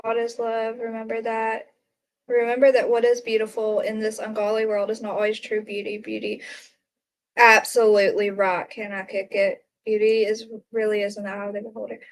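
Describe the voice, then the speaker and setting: A woman's voice: on the high side, monotone, moderate pace. A woman hosting a casual livestream, chatting to viewers, reading out their comments and exclaiming at what they send. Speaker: livestream host.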